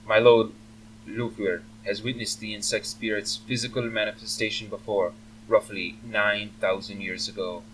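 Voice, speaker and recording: A man's voice: lowish voice, level tone, fairly bright tone, a little hiss or hum, lightly acted. A man voicing a pompous male envoy of a dragon, drawing out and savoring every word. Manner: drawn-out, savoring each word. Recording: faint humming, slightly distant mic.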